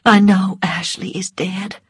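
A woman voicing a gentle, delicate young wife in an audiobook reading, soft and earnest. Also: mid-range voice, fairly even intonation, a little slow, husky, no room sound. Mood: grieving.

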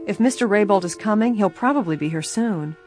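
A cool-headed young girl detective gives steady, confident directions, as a woman reader puts her on. Her voice sits a little above the reader's own, even and assured. Soft music lies under the storybook reading. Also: medium pitch, brisk, voice pushed up, lightly acted. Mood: calm. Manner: calm, confident.

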